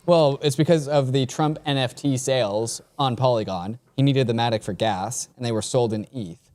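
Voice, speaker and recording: A man's voice: mid-range voice, moderate pace, darkish tone. A man co-hosting a casual podcast chat, talking loosely with plenty of filler words. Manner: chatty, lots of "like" fillers. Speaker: podcast co-host.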